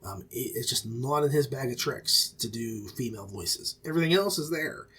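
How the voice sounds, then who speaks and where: Husky middle-aged man rambling folksily. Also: medium pitch, expressive, moderate pace, pushed and bright. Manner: rambling, self-correcting, folksy. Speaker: podcast host and audiobook reviewer. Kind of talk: casual review monologue.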